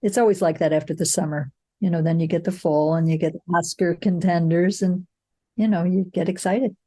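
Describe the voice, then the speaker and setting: A woman's voice: fairly low pitch, fairly even intonation, a little fast, mellow. An older woman, a film producer, telling frank, reflective anecdotes in an interview. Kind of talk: conversational interview.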